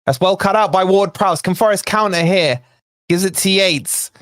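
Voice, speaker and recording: A man hosting a live football watch-along for a fan channel, narrating the play in a chatty way, talking to his viewers and breaking into excited shouts at near misses. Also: high-pitched, normal speed, dry recording, studio quality. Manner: excitable, bursts into shouts at chances then calms; chatty asides to viewers in the chat.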